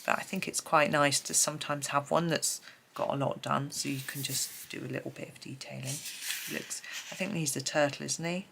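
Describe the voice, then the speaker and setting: In a very casual flip-through chat, a host who has only just woken up muses aloud over pages and laughs lightly. She speaks a little fast in a low, gravelly voice with fairly even intonation, against a noisy background.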